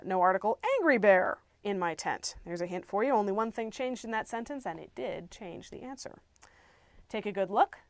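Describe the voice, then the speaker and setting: A woman teaches an English grammar lesson, walking through examples clearly and patiently. She slips in playful asides, and her pitch sits at an ordinary middle level. The recording is dry and close, with no room sound. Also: no room sound.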